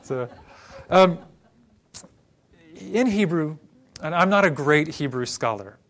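A man's voice: on the high side, expressive, takes it slowly, a bit bright. A man from Oklahoma preaching a sermon in a conversational, teaching way with joking asides.

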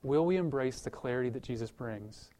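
Animated storytelling male pastor. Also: medium pitch, fairly quick. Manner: animated storytelling, acts out quoted voices; conversational, repeats words as he restarts. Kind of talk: sermon with story and prayer.

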